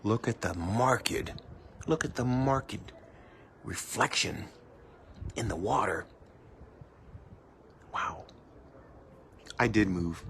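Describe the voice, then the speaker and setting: A man putting on the hushed voice of a golf commentator, in a whispered role-play on his cruise ship balcony. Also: lowish voice, drawn-out words, pauses often, slight background noise, exaggerated voice. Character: hushed male golf commentator, calm and reverent. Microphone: handheld phone.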